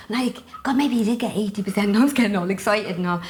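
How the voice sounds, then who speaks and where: A middle-aged woman with an Irish accent, a guest telling family stories in a lively, laughing manner. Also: mid-range voice, fast talker, few pauses. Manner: lively, warm storyteller who laughs often. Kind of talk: casual storytelling chat.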